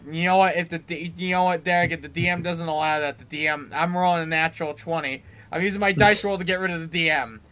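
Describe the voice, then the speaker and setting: A man's voice: fairly high pitch, fairly even intonation, quick pace, few pauses, pushed and bright, clear, resonant tone. A young man hosting a let's play, chatting casually and teasing his co-host, laughing often. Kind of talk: casual gameplay commentary.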